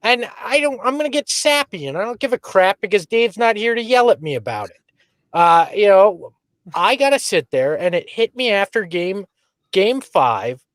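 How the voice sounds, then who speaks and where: A man's voice: sits high, big pitch swings, normal speed, dry recording, studio quality. A man hosting a casual sports podcast, talking candidly and reflectively, often restarting his sentences. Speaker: podcast host.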